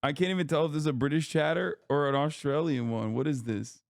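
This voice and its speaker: Male streamer, profane reaction commentary, smooth voice, dry close sound. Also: on the high side, fairly even intonation, quick pace, no room sound. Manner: blunt, profane, sarcastic. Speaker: streamer host.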